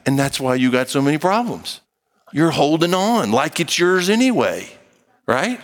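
A man's voice: on the high side, very animated, moderate pace, in a large hall. A man preaching a sermon and reading scripture aloud, talking to the congregation in an emphatic, conversational way with playful acted-out asides. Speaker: pastor.

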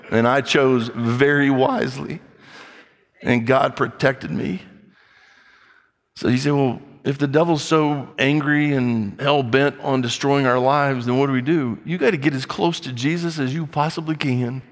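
A middle-aged male pastor preaching a sermon in a blunt, scolding way. His delivery is animated and direct. The voice carries a long reverb from a large hall. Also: mid-range voice.

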